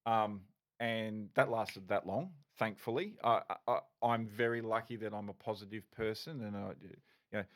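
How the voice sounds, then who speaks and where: A man's voice: fairly low pitch, normal speed, a little hiss or hum. A middle-aged man, a former police officer, telling his story candidly as a podcast guest, swearing and restarting often.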